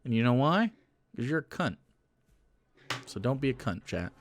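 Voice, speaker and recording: A man's voice: medium pitch, sing-song, moderate pace, slight background noise. Crude, mocking male streamer. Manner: crude, mocking and combative, with sarcastic asides. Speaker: livestreamer. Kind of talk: casual livestream rant to chat.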